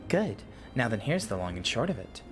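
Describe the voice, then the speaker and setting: A woman's voice: a bass voice, sing-song, a little fast, soft background music, heavily acted. Woman reading as a courteous innkeeper woman. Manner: reads lines aloud, tripping over words.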